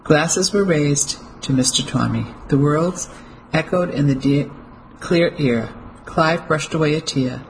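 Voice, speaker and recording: An audiobook narrator reading a novel in steady, clear storytelling. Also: medium pitch, a little slow, slight background noise, poor audio. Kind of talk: scripted narration.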